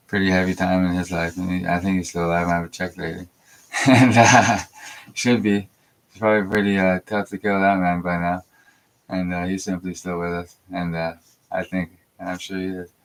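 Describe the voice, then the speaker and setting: Man, very deep even voice, profane rambling vlog talk. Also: poor audio. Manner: rambling, profane, repeats himself. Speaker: vlogger. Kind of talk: rambling monologue.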